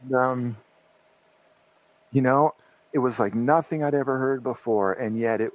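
A man's voice: mid-range voice, unhurried, dry recording, poor audio. A man in his fifties, a podcast guest, telling a rambling story with lots of fillers and restarts. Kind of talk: casual storytelling interview.

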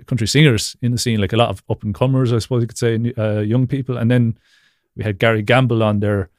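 A man's voice: medium pitch, steady tone, quick pace, no echo, studio quality. Chatty man, laughing often. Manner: rambling, laughs often, many fillers. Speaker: podcast guest. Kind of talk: casual interview chat. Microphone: video call.

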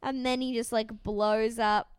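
Brief: woman, casual co-host, smooth and resonant voice, high-ish, lively retelling, dry close sound. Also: measured pace, dry recording. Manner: animated storytelling, acts out quoted lines, swears freely. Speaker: podcast co-host. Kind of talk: casual chat recapping a reality show.

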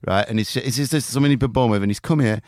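A man's voice: medium pitch, quick pace, darkish tone, no echo, studio quality. A man, co-hosting a crude comedy podcast and rambling through jokey stories. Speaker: podcast co-host. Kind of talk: crude casual chat.

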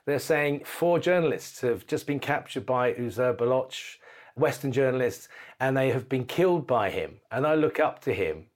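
A middle-aged man tells a gripping story with energy and laughter, his voice sitting at an ordinary pitch. He talks like a guest unwinding in conversation, dropping the odd swear word. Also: moderate pace. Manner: lively, laughing, swears casually. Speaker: podcast guest. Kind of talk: anecdotal storytelling.

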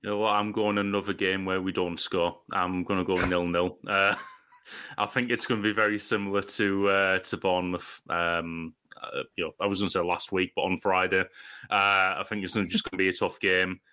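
A man co-hosting a podcast, gloomy and deadpan, expecting the worst. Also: deep voice, normal speed, clean tone. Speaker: podcast co-host. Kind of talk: casual podcast chat.

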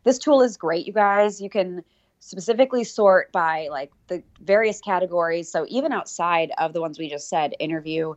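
A woman with a lowish voice co-hosts a podcast, upbeat and casual as she talks straight to her listeners. The sound is dry and a bit muffled. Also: moderate pace, no room sound. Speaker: podcast co-host.

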